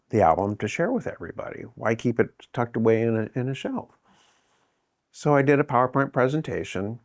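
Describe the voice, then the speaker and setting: A man's voice: on the low side, no echo, studio quality. A middle-aged man from Southern California being interviewed, telling a rambling family story and acting out the quoted dialogue. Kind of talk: casual storytelling.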